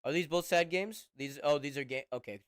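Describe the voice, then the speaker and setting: A man's voice: a little high, a little fast, no room sound, clean studio sound. A young man streaming, chatting casually and profanely, rambling and laughing often.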